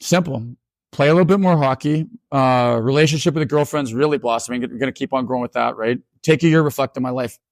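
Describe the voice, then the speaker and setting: A man in his forties from Canada, giving a humorous storytelling talk as a keynote speaker, animated and self-mocking with quick asides. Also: medium pitch, dry recording. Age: 40s.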